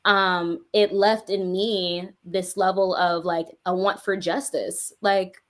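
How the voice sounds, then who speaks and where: A young adult woman, a guest music artist in a casual interview, telling her story with lively animation. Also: lowish voice, takes it slowly.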